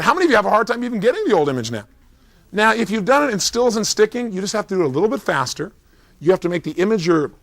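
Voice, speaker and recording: A man leading a guided visualization drill at a seminar, giving commanding, coaxing instructions that build up to energetic shouts. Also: on the high side, dry recording. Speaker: seminar coach.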